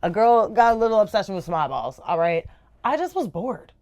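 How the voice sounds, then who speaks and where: A young woman talking casually to camera as a book reviewer, animated and gushing, swearing freely. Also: medium pitch, fairly quick, muffled recording. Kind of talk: casual chat.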